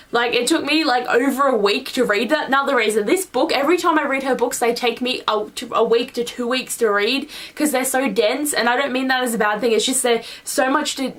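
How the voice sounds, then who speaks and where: A woman's voice: fairly high pitch, fairly bright tone, distant mic. A young woman vlogging her monthly reading wrap-up in a rambling, gushing way, full of "like". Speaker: book vlogger. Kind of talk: casual monthly book wrap-up.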